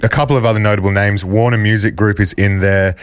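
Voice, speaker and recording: A man co-hosting a finance podcast, relaxed and blunt, laughing often. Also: lowish voice, fast talker, smooth, no room sound. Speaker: podcast co-host. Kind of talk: casual chat.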